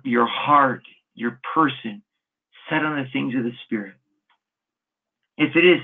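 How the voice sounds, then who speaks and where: A male monk preaching a scripture sermon in a gravelly, husky voice, sprinkling in folksy asides and chuckles. The sound is narrow and tinny, like a radio broadcast heard through a phone line. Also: mid-range voice.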